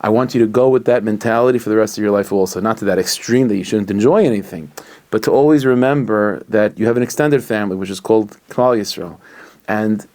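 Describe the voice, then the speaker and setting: A man's voice: on the low side, quick pace, darkish tone, natural voice. A man voicing a wise old rebbe. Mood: solemn. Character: wise, calm old male rebbe giving counsel.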